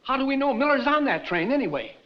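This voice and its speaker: A man's voice: very high voice, sing-song, quick pace. An actor playing an opinionated townsman arguing bluntly, on an old lo-fi film soundtrack. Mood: argumentative. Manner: blunt, argumentative. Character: opinionated male townsman shifting blame.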